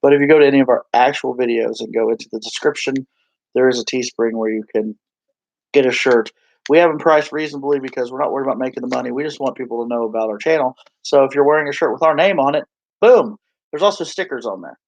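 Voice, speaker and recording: Gravelly-voiced man chatting on a live stream. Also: mid-range voice, quick pace, darkish tone, no room sound, poor audio. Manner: rambling, jokey, laughs often. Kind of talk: casual live-stream chat.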